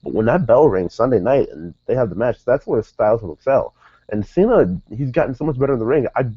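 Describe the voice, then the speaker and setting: Low-voiced man rambling through a recap. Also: no room sound, dull audio. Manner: rambling, self-correcting, says "dude" and "like" a lot. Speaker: wrestling show reviewer. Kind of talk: casual recap commentary.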